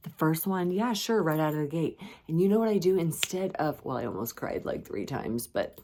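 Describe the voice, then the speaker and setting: A woman hosting her own podcast in a casual solo chat, playful and self-teasing, with bursts of animated emphasis. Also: low-pitched, moderate pace. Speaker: podcast host.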